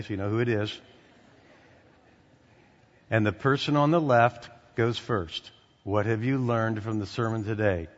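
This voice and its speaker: A male pastor preaching a sermon, swinging from loud animated passages to quiet conversational asides. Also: lowish voice, long reverb tail, highs cut off. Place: church sanctuary.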